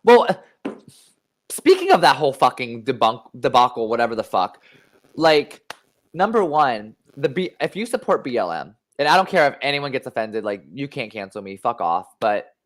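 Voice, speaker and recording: A young man talks loosely and crudely into a desk mic in a half-built home studio. He rambles through filler words and swears freely, with a medium-pitched voice. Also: big pitch swings, normal speed. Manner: brash, profane, rambling with many fillers. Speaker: podcast host. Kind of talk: casual chat, livestream.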